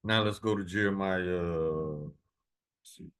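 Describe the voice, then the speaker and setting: A man reading scripture verses slowly and adding blunt, profane commentary between them. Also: deep voice, a bit bright, clear, resonant tone. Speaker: preacher.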